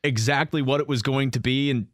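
A man's voice: medium pitch, steady tone, a little fast, no echo. Dry, teasing male co-host. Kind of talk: casual chat.

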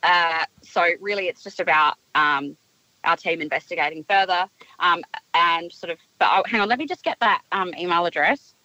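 Deadpan woman running a prank. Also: fairly low pitch, normal speed, highs cut off. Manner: hesitant feigned officialdom, many ums, deadpan. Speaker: radio co-host making a prank call. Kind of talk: prank phone call.

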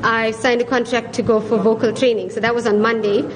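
A woman's voice: fairly high pitch, level tone, a little fast. A South African woman in her forties, a restaurant owner, talking in a chatty, friendly interview. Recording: crowd chatter behind.

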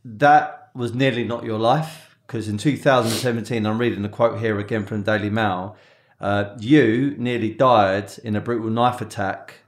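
A man's voice: fairly low pitch, fairly even intonation, moderate pace. A man hosting a podcast interview, asking questions in a chatty way and telling anecdotes. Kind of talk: conversational interview.

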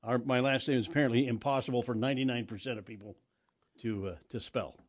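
A man's voice: mid-range voice, steady tone, fast. An older man hosting a morning radio show, telling rambling stories with frequent restarts and easy laughs. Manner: rambling, self-interrupting storyteller who laughs easily. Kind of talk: casual radio banter. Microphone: studio microphone.

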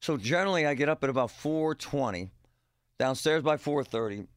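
A man's voice: on the high side, animated, a little fast, clear, resonant tone, dry recording, clean studio sound. A middle-aged man hosting a radio show, rambling and joking in a casual monologue with punchy exclamations.

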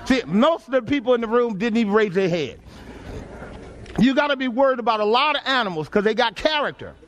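High-voiced Texan preacher. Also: male voice, expressive, a little fast, fairly bright tone. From Texas. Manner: call-and-response preaching, folksy and emphatic. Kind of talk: sermon. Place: church sanctuary before a congregation.

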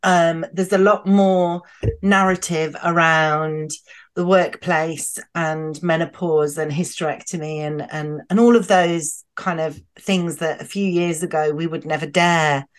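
Woman host, low voice, thoughtful interviewer. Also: fairly even intonation, a little slow. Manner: thoughtful, reflective questioner. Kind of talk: casual podcast chat.

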